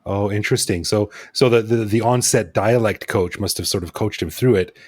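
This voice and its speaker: A male podcast host talks casually, rambling enthusiastically from thought to thought. His voice sits low, and the sound is dry and close, with no room echo. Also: moderate pace, a little mellow. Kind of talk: casual conversational interview.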